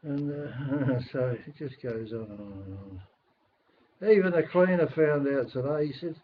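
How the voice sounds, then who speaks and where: A man's voice: mid-range voice, moderate pace. An older man with a London accent rambles and grumbles his way through a casual webcam chat. The webcam audio is dull and lo-fi, with a faint hiss underneath. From England. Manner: rambling, grumbling, swears mildly. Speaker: webcam caller. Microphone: webcam microphone.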